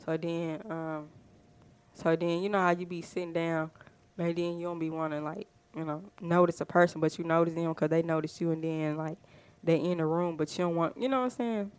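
A woman's voice: lowish voice, steady tone, a little fast, darkish tone, clear, resonant tone. A woman podcast host, telling a story in a chatty, rambling way with lots of fillers. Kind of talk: casual storytelling.

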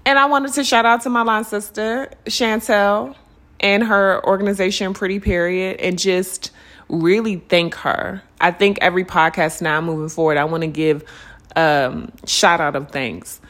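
A woman hosting a spiritual podcast, talking casually and earnestly to her listeners, calling them y'all and unicorns. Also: medium pitch. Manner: earnest and lively, stretching words when urging listeners to slow down. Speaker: podcast host. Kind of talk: reflective spiritual podcast monologue.

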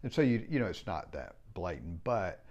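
A middle-aged man with a low voice speaks in a loose, rambling way, frank and plain-spoken, with an occasional curse. The recording sounds dull and lo-fi, as if the high end has been shaved off. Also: sing-song, moderate pace, a little mellow. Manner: rambling, frank, swears casually. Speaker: home builder, business owner. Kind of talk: casual reflective monologue.

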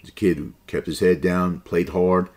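A man's voice: low voice, fairly even intonation, unhurried, a little mellow. A man in his forties hosting a basketball podcast, opinionated and conversational, with slang asides. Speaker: podcast host. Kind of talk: casual basketball commentary.

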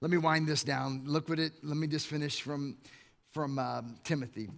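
A middle-aged man, preaching a lively sermon as pastor, often repeating words when he gets going. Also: a little high, normal speed, vocal fry. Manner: lively, repeats words when fired up, mock-quotes the congregation.

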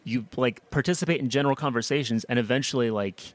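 A man's voice: medium pitch, fast talker, no echo. Young man, from the US, podcast host, casual rambling chat, dry close recording. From United States. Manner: rambling, many fillers and restarts.

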